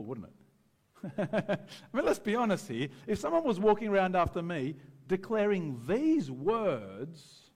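A male pastor with a fairly high voice preaches in a chatty, lively way. His pitch swings widely as he acts out the people in the story. The long reverb of a church hall trails after his words. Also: a little slow. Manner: conversational and animated, acting out voices. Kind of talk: sermon.

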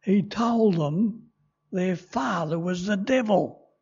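An older man voicing an excited male eyewitness who tells his news slowly and emphatically. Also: high-pitched, gravelly, breathy edge, heavily acted. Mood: earnest. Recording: dull lo-fi recording.

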